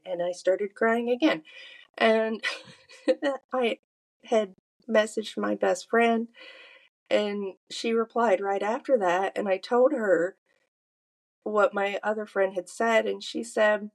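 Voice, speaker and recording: A woman's voice: mid-range voice, slow. A married woman hosting a podcast, telling a personal story in a candid, confessional way with frequent fillers and restarts. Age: adult, married. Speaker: podcast host.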